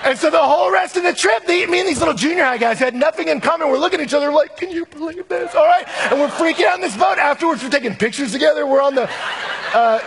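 A middle-aged male pastor preaching a sermon, telling a personal story with animated, acted-out voices in a church sanctuary. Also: extremely high pitch, quick pace, in a large hall, crowd noise.

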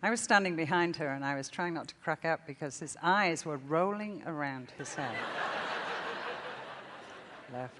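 Her slightly low voice has a fairly bright tone as this older woman tells her sermon like a story, breaking into frequent laughter. She keeps a moderate pace with many pauses, and the large hall's long reverb comes through along with a little hiss or hum.

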